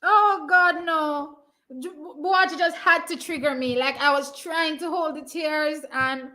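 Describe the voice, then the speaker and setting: Jamaican woman, high voice, bright tone, excitable, emotional live race commentary. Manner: emotional, excitable, quick to cheer. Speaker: livestream watch party host.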